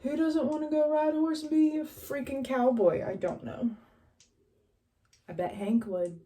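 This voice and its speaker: A young woman from West Virginia with a mild northern West Virginia accent, chatting casually as she gets ready, rambling and often trailing off quietly. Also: high-pitched, fairly even intonation, measured pace. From West Virginia, USA. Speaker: vlogger. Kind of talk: casual get-ready-with-me chat.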